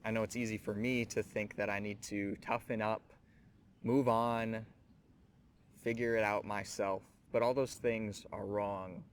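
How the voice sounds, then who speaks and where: A man's voice: fairly low pitch, level tone, a little slow, slight background noise. A man hosting a scripture teaching show, speaking earnestly and reflectively, addressing the listener directly. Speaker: host of a Bible teaching show.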